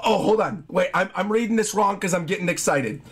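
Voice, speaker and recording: Husky, high, wildly excitable man. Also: fairly quick. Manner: excitable, often shouting and laughing. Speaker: YouTuber reacting to a manga chapter. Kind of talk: excited reaction commentary with read-aloud panels.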